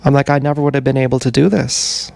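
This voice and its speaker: A man telling a long, meandering personal story on a livestream, halting and full of fillers. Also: medium pitch, flat delivery, vocal fry, a little mellow, no room sound. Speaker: streamer. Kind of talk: rambling livestream monologue.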